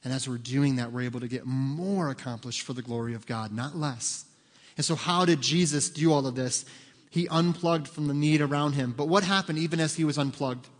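Joking pastor preaching in a reverberant church. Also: male voice, mid-range voice, a little fast. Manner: lively, joking, acts out voices of children. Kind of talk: sermon. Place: church sanctuary. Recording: long hall reverb.

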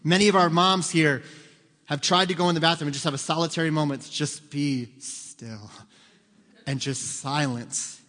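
Middle-aged guy pastor preaching, kinda high voice, jokey, church echo hanging on every line. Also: moderate pace. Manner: lively, joking, acts out voices of children. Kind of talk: sermon. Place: church sanctuary. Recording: long hall reverb.

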